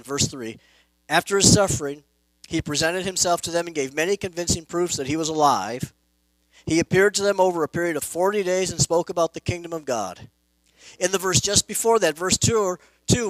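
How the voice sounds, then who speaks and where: High-pitched pastor guy preaching hard, gets loud then quiet, dry close sound. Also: dry recording, rough recording. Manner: emphatic preaching with rising and falling volume. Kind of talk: sermon.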